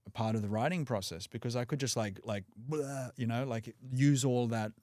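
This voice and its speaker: In a clean studio recording without echo, a mid-range male voice at a moderate pace chats easily on a podcast. He's Australian, speaks English natively, and his relaxed talk is heavy with "like" and "you know" fillers.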